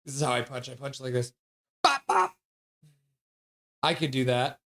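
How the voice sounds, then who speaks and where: A man hosting a casual live stream, reading out viewer chat with frequent laughs and excited outbursts. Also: medium pitch, fast. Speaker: livestream host.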